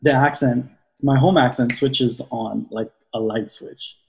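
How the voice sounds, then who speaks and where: A man from Trinidad with a mid-pitched voice chats easily. He speaks in a relaxed, reflective way and keeps his tone conversational. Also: a little slow, creaky, a little hiss or hum. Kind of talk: casual chat.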